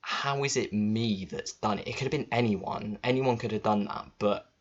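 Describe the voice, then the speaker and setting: A man's voice: lowish voice, moderate pace. A man telling a story to camera in a chatty, informal way, swearing freely, recorded on a laptop microphone. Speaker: vlogger. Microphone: built-in laptop mic. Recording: dull lo-fi laptop audio.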